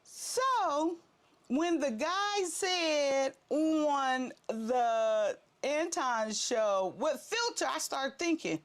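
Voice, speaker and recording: A woman's voice: sits high, lively intonation, extremely slow. A middle-aged woman hosting a vlog and telling a story casually, acting out her own prayers and laughing as she goes. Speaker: vlog host.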